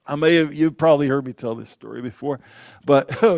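A man preaching a sermon, telling personal stories in an animated way and acting out the quotes loudly. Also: mid-range voice, a little fast, creaky.

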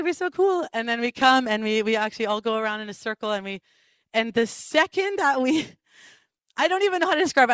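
Woman preacher, higher voice, lively testimony delivery, dry close sound. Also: dry recording. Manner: animated storytelling with laughs and restarts. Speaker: worship leader. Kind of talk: sermon testimony.

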